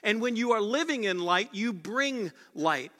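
High bright-voiced male pastor preaching. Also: animated, measured pace. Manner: earnest and conversational, with emphatic repeated phrases. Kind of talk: sermon. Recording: long reverb of a large hall.

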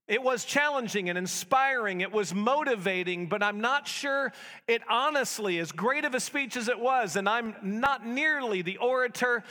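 Upbeat preacher with a bright voice. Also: male voice, high-pitched, big-room sound. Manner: conversational preaching with asides. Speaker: pastor. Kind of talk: sermon. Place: church sanctuary.

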